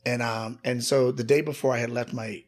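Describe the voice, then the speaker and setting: A man's voice: medium pitch, steady tone, brisk. A man from the rural American South with a Southern accent, the guest author, earnestly telling a personal story and acting out the voices of people he quotes. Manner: earnest, acts out quoted voices when retelling.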